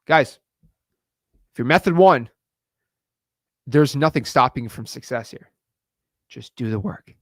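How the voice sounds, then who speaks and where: A man coaching viewers in an energetic video lesson, fast, slangy and emphatic, repeating words for punch. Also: medium pitch, no room sound, studio quality. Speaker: real estate wholesaling coach.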